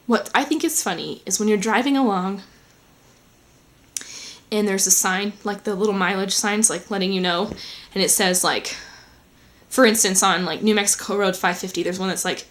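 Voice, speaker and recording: A woman's voice: medium pitch, moderate pace, long pauses, fairly bright tone. A woman talking casually and rambling in a home vlog, full of fillers and asides. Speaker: vlogger.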